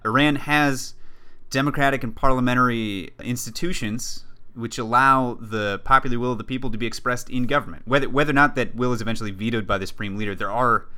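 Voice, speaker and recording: Bright-voiced man explaining politics. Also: mid-range voice, brisk, smooth. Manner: explanatory, many restarts and fillers. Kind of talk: casual political discussion.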